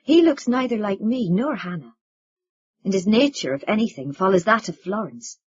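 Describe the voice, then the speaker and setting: Woman playing older Irish dad, lilting and confiding, husky, dull sound. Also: medium pitch, expressive, moderate pace, a little mellow. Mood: soothing. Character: older Irish father, warm, rambling, self-mocking man.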